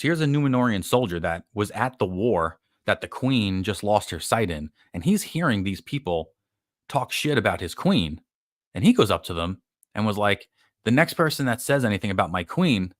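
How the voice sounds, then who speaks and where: A deep-voiced man hosts a live podcast, recapping a show in a loose, rambling style packed with fillers and casual swearing. The audio is dry, close, and a little bright, with no echo or room around it.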